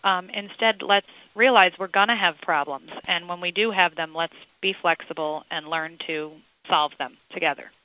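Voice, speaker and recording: Bright-voiced woman guest, lo-fi sound. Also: lowish voice, fairly even intonation, normal speed, few pauses. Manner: earnest, practical explainer. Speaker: salon and spa event coordinator, guest. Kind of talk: radio interview guest. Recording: dull lo-fi sound.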